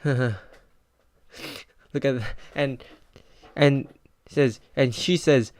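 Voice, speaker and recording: A man's voice: mid-range voice, drawn-out words, pauses often, a little mellow, no room sound. Teenage male reviewer, chatty and rambling, mid-range voice, dry recording. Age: teens. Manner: rambling, filler-heavy with frequent "like". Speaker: comic book reviewer. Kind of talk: casual comic book review.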